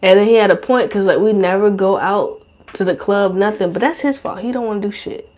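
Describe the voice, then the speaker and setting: A woman's voice: medium pitch, fairly quick, darkish tone. Profane, rambling young woman podcaster. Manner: profane, slangy, rambling with many fillers. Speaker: podcast host. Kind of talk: casual monologue.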